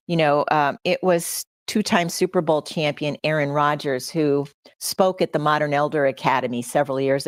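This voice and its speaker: A middle-aged woman with a low voice, a podcast host on a livestream, addresses her audience in an earnest, personal way while choked up with emotion. The audio is a dry recording with clean studio sound.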